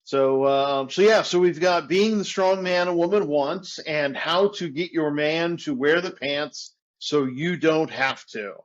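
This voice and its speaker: A man's voice: a little high, a little slow, few pauses. A man hosting a podcast, giving brief, affirming replies and plugging a guest's books. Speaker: podcast host. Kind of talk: casual interview talk. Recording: dull, lo-fi recording.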